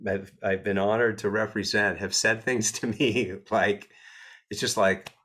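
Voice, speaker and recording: Guest: American man, low voice, animated and a little snarky, casual interview storyteller. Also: measured pace. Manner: animated, self-deprecating storyteller with a snarky edge. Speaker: entertainment attorney guest.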